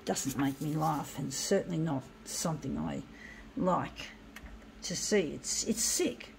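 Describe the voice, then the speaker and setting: A woman's voice: low-pitched, measured pace, gravelly, a little mellow, a little hiss or hum, low-quality recording. A woman ranting angrily and swearing while working on a craft project, indignant and blunt. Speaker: craft vlogger.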